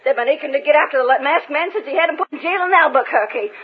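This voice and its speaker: A woman's voice: high-pitched, lively intonation, fast. A woman playing a bossy, scolding frontier ranch woman in a folksy drawl, in a 1940s radio drama. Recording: tinny old radio recording, faint hiss.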